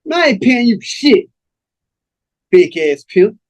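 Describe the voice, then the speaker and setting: A man's voice: high voice, very animated, slow pace, no room sound, muffled recording, pitched above the performer's own voice, heavily acted. A man voicing a cocky young man on a date, talking brash and dismissive.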